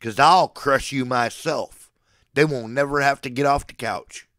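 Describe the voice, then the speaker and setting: At a measured pace, a livestreamer in his forties rants to his chat like a mock preacher, bouncing between profane, boastful threats and words of affection. His voice is medium in pitch and fairly bright. The studio sound is clean, with no room sound.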